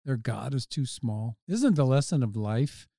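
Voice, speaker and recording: A man's voice: mid-range voice, animated, measured pace, vocal fry, mellow, no room sound, studio quality. A man speaking as a pastor in a casual church podcast chat, reflective and preacherly.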